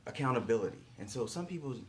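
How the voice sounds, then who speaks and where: Speaking fast in an expressive mid-range voice, this coach delivers an emphatic motivational talk. He repeats his key lines and keeps tossing in rhetorical "right?" checks, with a little hiss or hum on the recording.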